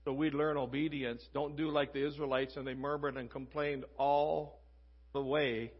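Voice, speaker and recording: A man's voice: mid-range voice, level tone, normal speed, husky, dull audio. A man preaching a casual, conversational sermon, reading scripture and acting out quoted voices.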